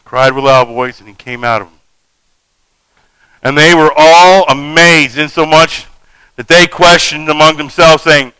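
A man's voice: fairly high pitch, steady tone, measured pace, pushed and bright, clean tone, poor audio. A man preaching a sermon, reading scripture and breaking off into folksy, joking asides.

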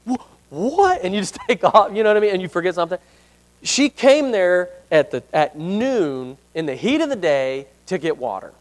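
Reading verses aloud and frequently putting questions to the room, a high-voiced man runs a casual congregational Bible study in a chatty, self-deprecating style.

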